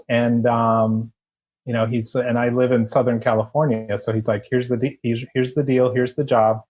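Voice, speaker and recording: A man guesting on a podcast, telling his story in a rambling, relaxed and chatty way. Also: medium pitch, moderate pace, slightly rough. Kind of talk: casual storytelling interview.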